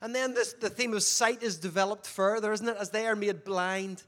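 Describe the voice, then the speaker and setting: Brief: a man delivering a sermon, fairly high voice, engages listeners with questions, shifts from forceful to hushed. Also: steady tone, moderate pace. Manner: questions the audience, swings between loud emphasis and quiet. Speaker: preacher.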